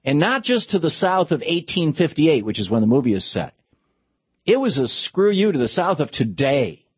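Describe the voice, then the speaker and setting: Husky-voiced impassioned male commentator. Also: on the high side, big pitch swings, normal speed, no room sound. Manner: impassioned, sarcastic asides. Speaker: political commentator. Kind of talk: political commentary monologue. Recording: dull lo-fi dry recording.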